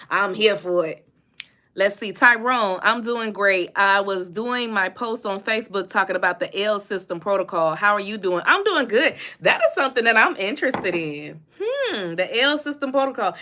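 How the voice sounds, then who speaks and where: Hosting a casual livestream from her phone, a young woman chats and reads out viewer comments in a bright, forceful, medium-pitched voice. She answers those comments readily and laughs often.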